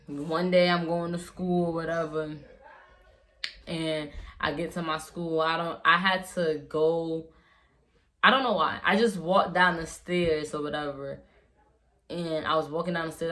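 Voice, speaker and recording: Young woman, lowish voice, casual slangy storyteller, rambles, restarts a lot. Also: a bit bright. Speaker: vlogger.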